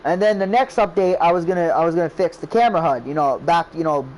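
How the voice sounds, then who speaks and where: Over a low-quality recording, a man with a fairly high, slightly mellow voice talks at a quick pace about creating his game. He rambles, keeps quoting how his friends reacted, and leans on "I was like" again and again.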